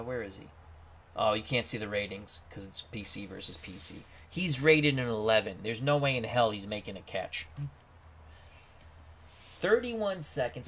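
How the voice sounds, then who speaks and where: A man giving play-by-play commentary on a computer football game, bursting into shouts at big plays and reading viewer chat aloud. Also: medium pitch. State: out of breath.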